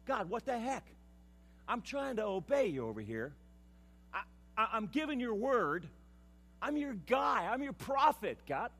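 A man voicing an anguished male prophet railing at God, exasperated and pleading, rising to a shout. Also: high-pitched, sing-song, unhurried, slightly rough, voice pushed up, exaggerated voice.

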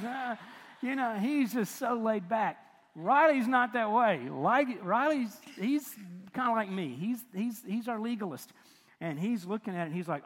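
An older man preaching a sermon, telling a family story in an animated, self-mocking way with chuckles. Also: high-pitched, unhurried. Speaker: pastor. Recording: long reverb of a large hall.

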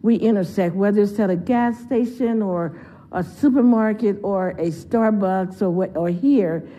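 A woman's voice: mid-range voice, a little slow, dark tone. Earnest woman preaching from the heart. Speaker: guest speaker. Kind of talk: sermon storytelling. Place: church.

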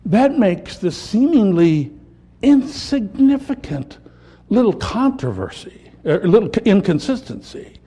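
A man preaching a sermon, building to impassioned peaks and dropping to quiet, reflective lines. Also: sits high, slightly rough. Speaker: pastor.

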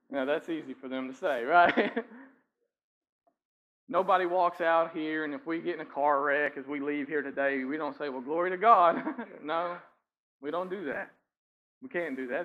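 A pastor preaching a sermon in a church, talking conversationally with frequent "right?" asides and light chuckles. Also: male voice, on the high side, highs cut off. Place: church sanctuary.

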